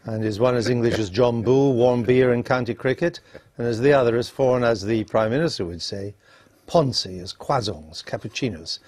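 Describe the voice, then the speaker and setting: A man's voice: medium pitch, normal speed, darkish tone, no room sound. A man presenting a live political studio show, questioning guests in a wry, playful way.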